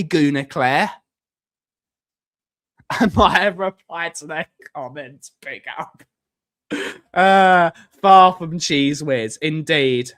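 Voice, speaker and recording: A man's voice: fairly high pitch, a bit bright, no echo, clean studio sound. A man with an Essex accent, chatting casually on a live stream as he reads and answers viewer comments, stretching words out for emphasis. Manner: drawn-out emphatic words, muttering while reading comments.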